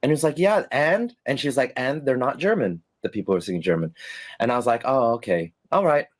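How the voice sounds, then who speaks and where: A former stage performer in middle age fires off stories at a fast clip during a casual interview. His pitch is medium, and he laughs and animates each tale by voicing the people he quotes.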